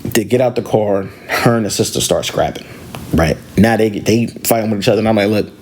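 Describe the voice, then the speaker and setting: Animated man telling a rideshare story. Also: lowish voice, fairly quick, a little hiss or hum. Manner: animated, slangy, conversational. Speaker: podcast host and rideshare driver. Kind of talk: casual storytelling.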